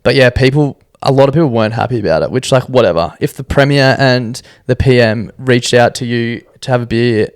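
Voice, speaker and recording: A young Australian man, a podcast guest, telling a story in a casual, animated way and acting out what people said. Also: mid-range voice, a little fast, hardly any pauses, dry recording, clean studio sound. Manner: animated, laughs often, acts out quotes.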